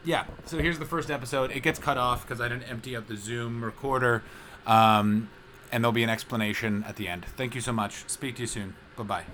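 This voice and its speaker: A man's voice: medium pitch, slight background noise. A man giving a casual, chatty introduction to his own podcast episode. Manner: relaxed, chatty, quick asides. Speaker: podcast host.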